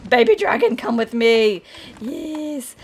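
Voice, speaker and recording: Bubbly high-voiced young woman gamer. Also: takes it slowly, slight background noise. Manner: bubbly, excitable, gasps and squeals with delight. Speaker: gaming channel host. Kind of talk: casual let's-play commentary.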